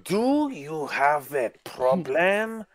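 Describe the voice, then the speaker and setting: A man putting on a slow-talking male wrestler with an exaggerated Spanish accent, dragging out every word. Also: fairly high pitch, very animated, heavily acted. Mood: challenging. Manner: very slow, drawn-out delivery.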